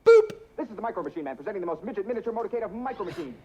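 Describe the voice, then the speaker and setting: A man playing a fast-talking toy commercial spokesman who rattles off product lists breathlessly in an old TV ad. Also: sits high, sing-song, muffled recording. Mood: rapid-fire pitch. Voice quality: rapid-fire patter, breathless listing. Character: hyper fast-talking adult male pitchman.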